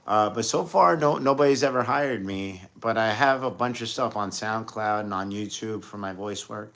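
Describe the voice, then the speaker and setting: A man's voice: fairly low pitch, moderate pace, a bit bright. A man from New York with a New York accent, telling rambling stories about acting jobs in a casual interview, with lots of fillers and restarts. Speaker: entertainer and actor. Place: home studio.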